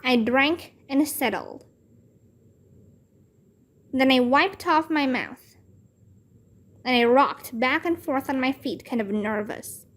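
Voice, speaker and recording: A woman narrating a children's chapter book aloud in a clear storytelling manner. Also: high voice, takes it slowly, long pauses, a bit bright.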